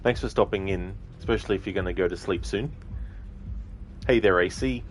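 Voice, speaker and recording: Chill guy streamer chatting with chat, lowish voice, game music faint behind. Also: fairly quick. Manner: relaxed, chuckling, greets viewers by name. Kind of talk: casual live-stream chat with viewers.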